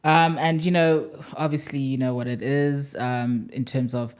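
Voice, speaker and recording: A woman's voice: very deep voice, steady tone, unhurried, a little mellow. A young woman from South Africa co-hosting a podcast, chatting casually with frequent laughs and fillers. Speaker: podcast co-host.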